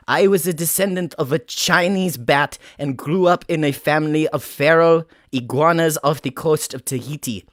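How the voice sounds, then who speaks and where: A man's voice: fairly high pitch, moderate pace, hardly any pauses, fairly bright tone, no echo, clean studio sound, pitched above the performer's own voice, close to an everyday voice. A man improvising a comic character with a mock Russian accent: an eccentric, globe-trotting stranger in an identity crisis, speaking stiff, grandiose broken English.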